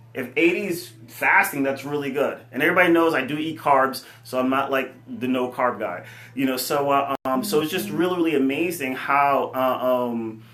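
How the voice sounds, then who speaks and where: A man running a fitness company, giving an earnest, animated motivational talk full of fillers. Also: mid-range voice. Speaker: fitness company CEO and coach. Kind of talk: casual motivational talk to camera. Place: room with his computer. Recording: echoey room.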